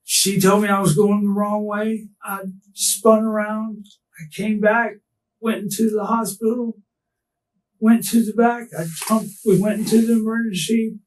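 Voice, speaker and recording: A distraught, tearful man being interrogated, talking haltingly and restarting his sentences. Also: high voice, flat delivery, far from the mic, low-quality recording. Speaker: murder suspect under interrogation. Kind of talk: police interrogation.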